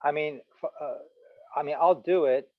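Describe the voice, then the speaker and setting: A man's voice: on the high side, normal speed, phone-quality sound. A man reading aloud in a language class over a video call, hesitant and stumbling on words. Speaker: student.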